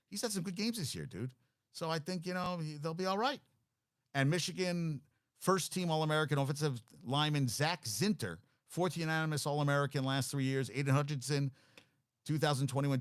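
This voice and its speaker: A man's voice: mid-range voice, dry recording, studio quality. A man hosting a casual sports talk show, rambling through stats and news, often blanking on names and correcting himself. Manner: rambling, reads off stats and thinks aloud.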